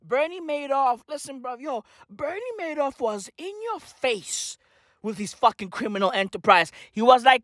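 A woman's voice: on the high side, normal speed, fairly bright tone, no echo, clean studio sound. A woman delivering a profane, rambling comedic rant, tagging her lines with slang asides. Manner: rambling, tags lines with "right?" and "bruv". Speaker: comic ranter.

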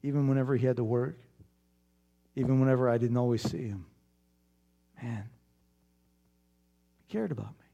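Guy preaching a sermon, storytelling, gets loud and animated then goes quiet and prayerful, average pitch. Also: normal speed, creaky, long pauses, highs cut off. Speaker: pastor.

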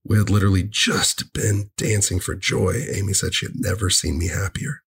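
A man sharing a personal story in an earnest, halting way, often repeating himself. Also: sits low, fairly even intonation, gravelly, fairly bright tone, husky.

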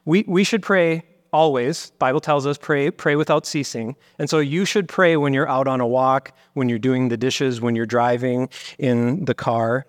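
A man's voice: medium pitch, normal speed, hardly any pauses, no room sound. Man preaching an earnest sermon, dry sound. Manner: earnest teaching, voicing God in first person for emphasis. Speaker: pastor. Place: church sanctuary.

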